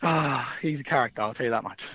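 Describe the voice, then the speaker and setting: A young man appearing as a wrestler guest tells casual anecdotes, rambling with fillers and laughing often. His mid-range voice is quick with a sharp tone, and the recording sounds dull, lo-fi and dry.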